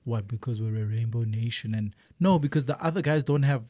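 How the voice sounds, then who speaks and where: South African male co-host, casual storyteller, mid-pitched, very dry room. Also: fairly quick, warm tone, dry recording. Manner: laid-back, storytelling, many fillers. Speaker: podcast co-host. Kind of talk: casual chat.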